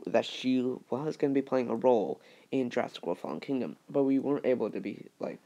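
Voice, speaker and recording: A man talking through a fan theory in a casual vlog, halting and hesitant, with many fillers and restarts. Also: mid-range voice, dark tone, dull audio. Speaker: YouTuber.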